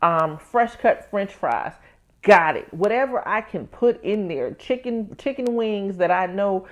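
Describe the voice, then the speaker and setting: A woman's voice: mid-range voice, lively intonation, a little slow. A woman hosting her own podcast as a tax professional. She talks candidly to listeners, calling them "baby" and "y'all," and acts out her own inner voices as she tells a story. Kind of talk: casual personal podcast talk.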